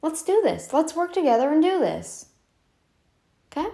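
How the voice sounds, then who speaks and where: A woman's voice: sits high, very animated, gravelly, mellow. A woman vlogger talking to camera in a casual, insistent way, repeating herself for emphasis. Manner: insistent and repetitive, drawn-out emphatic phrasing.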